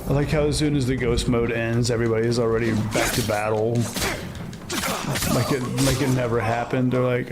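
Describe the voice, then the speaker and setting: A man's voice: medium pitch, fairly even intonation, normal speed, loud music behind the voice. A man from Ohio streaming a game, giving casual, rambling commentary with wry asides. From Ohio, USA.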